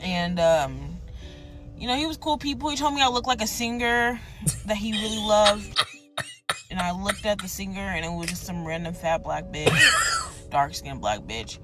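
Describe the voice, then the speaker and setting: A woman's voice: medium pitch, animated, moderate pace, music in the background. A woman telling a personal story in casual story-time style, blunt and rambling. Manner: blunt, rambling, acts out quoted voices. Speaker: storyteller in a played clip.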